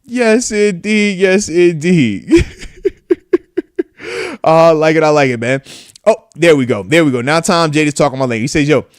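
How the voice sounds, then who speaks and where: Pausing often but still fairly quick, a man in his thirties from the US speaks with a fairly high pitch as he hosts a live stream and reads viewer comments. The retired football player turned podcast host is slangy and animated, calling out viewers and screaming when he mimics riders, recorded in clean studio sound with no echo.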